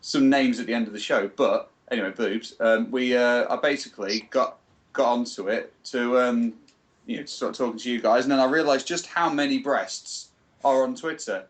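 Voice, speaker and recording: A man in casual podcast chat, blunt and quick to swear. His voice is mid-pitched and plain. He talks in loose, rambling bursts. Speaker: podcast co-host.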